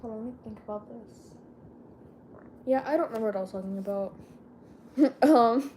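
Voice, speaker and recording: Teen girl yapping to her phone cam, kinda high voice, loses track of what she's saying, faint hiss behind. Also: normal speed, long pauses, warm tone. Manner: rambling, keeps losing her train of thought, slangy. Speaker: vlogger. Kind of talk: casual chat to camera.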